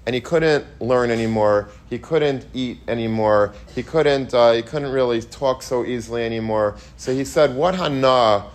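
A man's voice: medium pitch, moderate pace, few pauses, darkish tone. A middle-aged man giving a Torah lecture, telling stories and mixing Hebrew and Yiddish terms into his English, with frequent restarts. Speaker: Torah teacher.

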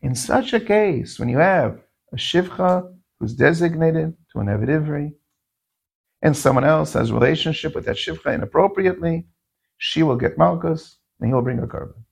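A man teaching Talmud in a lively, rising-and-falling voice. He speaks with a gravelly rasp. He keeps putting questions to his listeners and answering them in a sing-song rhythm. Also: fairly high pitch, moderate pace. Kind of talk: Talmudic lecture.

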